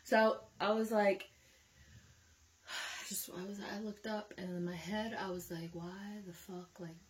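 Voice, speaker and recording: A woman's voice: mid-range voice, steady tone, slow pace. A young woman vlogging casually, chatty and candid and swearing freely as she tells a story.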